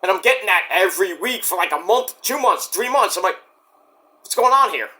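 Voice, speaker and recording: A man's voice: high-pitched, lively intonation, a little fast, pushed and bright. A man ranting casually about wrestling, profane and rambling, acting out quoted voices along the way. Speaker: wrestling commentary vlogger. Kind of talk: casual rant.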